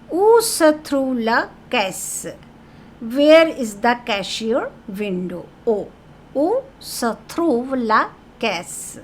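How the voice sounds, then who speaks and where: A high-pitched woman, teaching French grammar in a patient classroom style. She reads each French question, gives its meaning, and keeps checking in with her students. Faint room noise sits behind her voice. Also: a bit bright. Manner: explains patiently, asks "okay?" often; reads French phrases then translates them to English.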